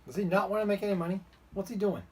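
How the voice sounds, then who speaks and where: A man's voice: sits high, racing, a little mellow, slightly rough. A man co-hosting a podcast in casual chat, dropping dry, short quips. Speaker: podcast co-host. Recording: noisy recording with clicks.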